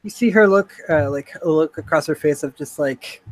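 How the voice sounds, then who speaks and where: A man's voice: a little high, moderate pace, slight background noise, rough recording. A man narrating as game master in a tabletop game, casual and full of fillers.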